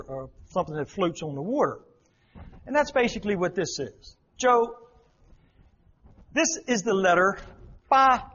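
High-pitched guy giving a folksy church talk, repeats stuff, kinda muffled lo-fi recording. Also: fairly bright tone. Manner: folksy, repeats words for emphasis. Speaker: missionary teacher. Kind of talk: church talk explaining Chinese characters. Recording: dull lo-fi recording.

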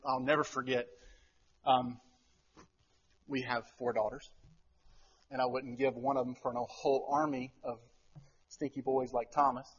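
Husky-voiced preacher man, lo-fi. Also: medium pitch, unhurried, pauses often. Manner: animated storytelling, acts out quotes. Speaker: pastor. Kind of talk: sermon with family story.

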